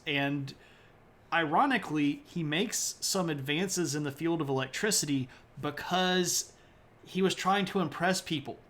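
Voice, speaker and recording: A man's voice: on the high side, a bit bright. A man giving a casual, joking history talk on a live stream, rambling with lots of fillers and stopping to greet viewers in chat. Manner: loose and rambling with many fillers.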